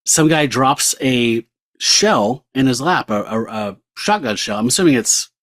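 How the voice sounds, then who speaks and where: A man's voice: mid-range voice, expressive, measured pace, fairly bright tone. A man co-hosting a podcast, casually summarizing and reading a comic book aloud, joking along. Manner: easygoing, joking, reads comic panels aloud. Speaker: podcast co-host.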